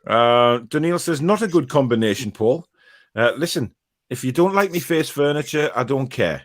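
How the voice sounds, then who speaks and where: A man's voice: mid-range voice, expressive, normal speed. A man hosting a football podcast, reading viewer comments aloud and teasing his co-hosts in casual banter.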